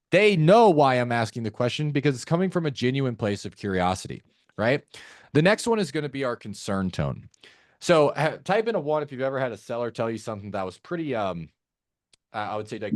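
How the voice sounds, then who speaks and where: A man coaching a live audience on sales calls, energetic and acting out both sides of calls in shifting tones. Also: medium pitch, dry recording, studio quality.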